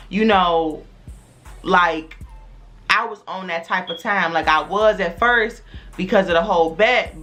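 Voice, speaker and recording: Bright-voiced young woman telling a story. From Chicago area, USA. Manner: animated, quoting others in a lowered voice, slangy. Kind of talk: casual storytime.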